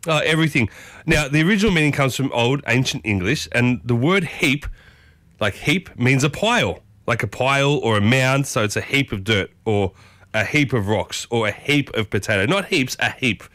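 Man, Australian accent, solo morning radio host, chatty and excitable, dry close studio sound. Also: moderate pace, no room sound. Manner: chatty, upbeat, excitable with sudden high bursts. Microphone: studio microphone.

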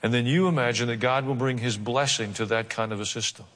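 A man's voice: medium pitch, steady tone, fast talker, a bit bright, long reverb tail. A man preaching a sermon, reading scripture aloud and breaking off into humorous asides and mock voices. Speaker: pastor.

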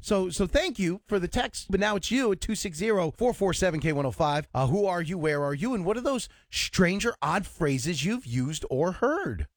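A man's voice: sits high, animated, normal speed, hardly any pauses, dry recording, studio quality. A man co-hosting a call-in radio show, chatting casually and laughing along with callers.

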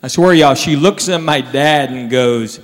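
A man doing a stand-up comedy set, telling stories with animated delivery and quiet low asides. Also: measured pace. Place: stage in a large hall. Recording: live hall, faint crowd. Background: faint audience and room noise.

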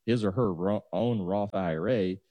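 A man's voice: on the low side, normal speed, no echo, lo-fi sound. A man, a financial advisor patiently walking listeners through numbers on a talk show. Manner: explanatory, walks through numbers step by step.

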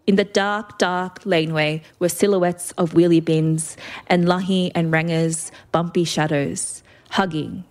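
A woman reading a first-person story aloud with vivid expression. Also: lowish voice.

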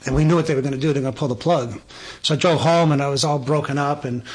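A man's voice: medium pitch, quick pace, husky. A man, telling a faith story as a guest and eagerly acting out what people said. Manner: excited, animated storyteller acting out dialogue. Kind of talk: testimony storytelling.

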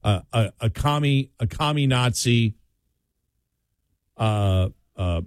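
A man's voice: medium pitch, lively intonation, slow pace, clean tone, no echo, studio quality. A man hosting a political talk radio show, rambling with many restarts and fillers in an incredulous tone.

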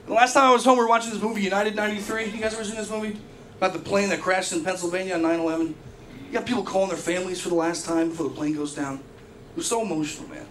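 Brash, high-voiced male comic. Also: fairly even intonation, rapid-fire, a bit bright, slight background noise. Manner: brash, profane, storytelling. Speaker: stand-up comedian. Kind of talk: stand-up routine.

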